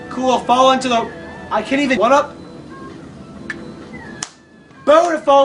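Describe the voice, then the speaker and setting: A man commenting on his own gameplay, excitable and quick to yelp and shout whenever he fails. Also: very high-pitched, faint music behind. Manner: excitable, yelps and shouts at failures. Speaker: gamer.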